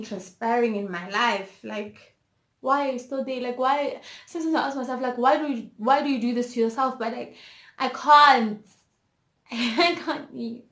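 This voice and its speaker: A young woman with a South African accent from Zulu country, telling a candid, emotional storytime in her vlog and mixing English with Zulu. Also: a little high. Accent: South African, Zulu-inflected. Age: young adult. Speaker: vlogger. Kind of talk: personal storytime. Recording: roomy echo.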